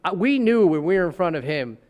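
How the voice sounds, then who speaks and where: A man with a notably high voice spins a lively courtroom anecdote, acting out the people in it. He speaks as a trial lawyer in easygoing podcast conversation. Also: fast talker, lo-fi sound. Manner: animated, acting out courtroom scenes. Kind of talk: storytelling in casual podcast chat.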